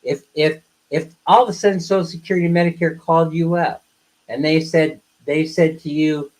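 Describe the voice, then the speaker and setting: A man's voice: a little high, moderate pace, a little mellow, poor audio. A man talking casually on a live stream, bluntly ranting at his viewers and then teasing them playfully. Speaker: live streamer, co-host of a couple's channel.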